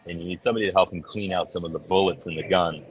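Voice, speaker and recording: A middle-aged man chatting casually as a podcast co-host, telling stories and acting out quoted voices with big jumps in pitch. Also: fairly even intonation, rapid-fire, slight background noise, poor audio. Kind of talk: casual chat.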